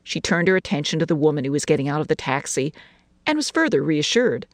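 A woman narrating a short story in an expressive, lilting reading voice. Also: sits low, fast, dry recording.

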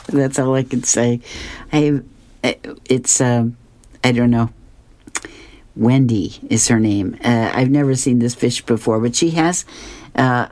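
Older lady reading the funnies on air, super deep voice, takes her time, chuckles a lot. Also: a little mellow. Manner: amused, laughs often, acts out characters' lines. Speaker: radio reader of comics. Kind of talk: reading comic strips aloud.

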